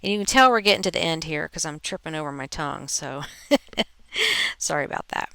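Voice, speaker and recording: A woman hosting a reselling channel, relaxed and chatty as she reads viewer posts aloud with her own asides. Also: deep voice, moderate pace, creaky, dry recording. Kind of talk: reading viewer posts in a casual narration.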